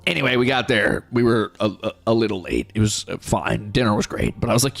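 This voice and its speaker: A male streamer spins a profane, excitable story for his chat. His voice is gravelly, with wide swings in pitch. Faint music plays behind him. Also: a little fast, hardly any pauses.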